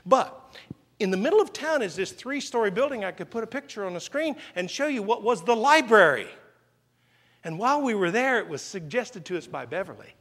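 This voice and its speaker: A man preaching a sermon in a church, telling stories with lively swings between loud outbursts and hushed, slow emphasis. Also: high voice, big-room sound. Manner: animated storytelling, swings from loud exclamations to quiet emphasis.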